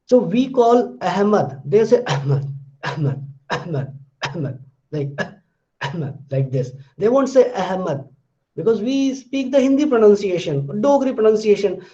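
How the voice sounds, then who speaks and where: Lecturer, male, high and warm-toned, slow repetitive teaching delivery, muffled classroom recording. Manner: slow, repetitive explaining with many restarts. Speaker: linguistics lecturer.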